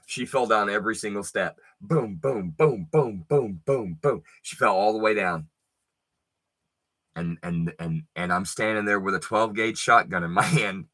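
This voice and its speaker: A man spinning a personal story in a slow, deliberate, emphatic way, full of swearing. His voice is bright and forward, and he lets pauses hang between phrases. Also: lowish voice. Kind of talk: profane casual storytelling.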